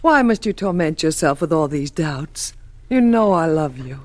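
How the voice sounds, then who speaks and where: An actress playing a successful fashion designer wife in a 1940s radio drama, soothing and gentle. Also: female voice, low-pitched, animated, moderate pace, no echo. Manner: gentle, soothing, then frantic.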